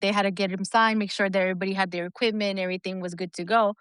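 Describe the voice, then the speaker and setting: A woman co-hosting a podcast as an Army veteran, telling a story in a candid, blunt, profane and animated way. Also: medium pitch, rapid-fire, smooth, no echo, clean studio sound.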